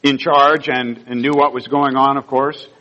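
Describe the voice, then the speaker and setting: A man's voice: medium pitch, little pitch movement, normal speed, sharp tone, dull audio. An older man, a pastor, telling personal stories in a sermon in an earnest, heartfelt way. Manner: earnest storytelling, rising emotion at key moments.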